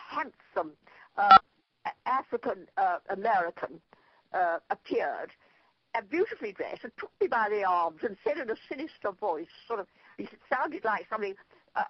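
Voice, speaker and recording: In a dry, dull-sounding recording, an older Irish woman with a medium-pitched, slightly breathy voice is interviewed as a spiritual leader. She's a lively storyteller who wanders through anecdotes and laughs at her own stories.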